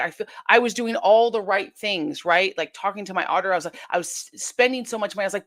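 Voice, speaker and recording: A woman's voice: mid-range voice, fast talker, few pauses. A woman telling her story as an interview guest, earnest and intense, often quoting her own past thoughts aloud. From United States.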